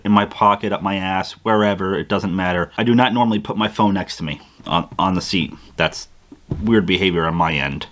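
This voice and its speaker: Young male vlogger, lower pitch, casual animated storyteller who restarts and stumbles often. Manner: animated retelling with frequent restarts and acted-out inner quotes.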